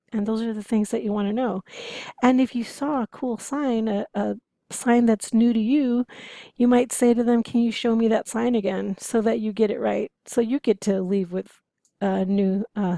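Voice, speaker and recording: A woman's voice: medium pitch, vocal fry, mellow, dry recording. A woman teaching interpreting students in a conversational, explanatory way, posing rhetorical questions as she goes. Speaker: interpreting instructor. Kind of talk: lecture to students.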